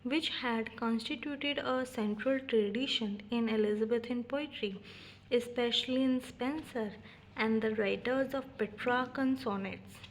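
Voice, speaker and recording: A woman teaching an exam-prep lesson, reading definitions carefully from her notes with frequent pauses and "uh" fillers. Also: on the high side, steady tone, a little hiss or hum. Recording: dull lo-fi recording.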